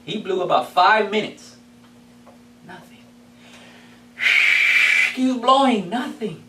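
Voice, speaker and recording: Animated man telling a story in an echoey hall. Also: sits high, slow, heavy background noise. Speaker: club speaker. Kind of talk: storytelling speech. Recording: echoey room from far off.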